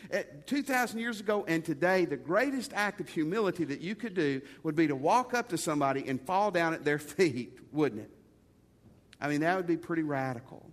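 High-voiced man preaching in a reverberant hall. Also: animated, normal speed. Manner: conversational preaching, addressing listeners as folks. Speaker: pastor. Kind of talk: sermon.

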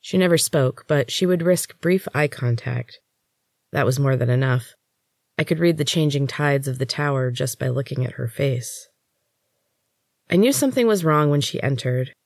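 Lady reading her own book chapter, steady pace, dead dry mic, no room sound. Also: extremely low pitch, no room sound. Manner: steady, measured storytelling. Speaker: author and podcast host. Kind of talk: first-person audiobook narration.

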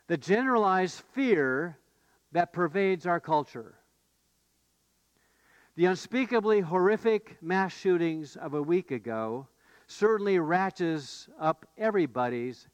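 A male pastor preaching a conversational sermon, with fillers and restarts, rising to animated outbursts when he voices the disciples. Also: on the high side, slow pace, smooth, no room sound.

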